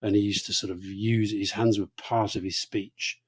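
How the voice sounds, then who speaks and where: A man in his sixties from Scotland, co-hosting a casual conversation, brisk with frequent ums and uhs. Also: lowish voice, flat delivery, slightly rough, dry recording, clean studio sound. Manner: brisk, fills pauses with um and uh. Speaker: podcast co-host.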